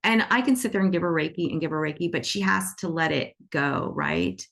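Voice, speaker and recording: A woman with a lowish, gravelly voice leads an online animal Reiki class over a video call. She tells her stories in an animated, chatty way and acts out the voices of the people in them. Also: brisk. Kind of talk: casual storytelling in an online class.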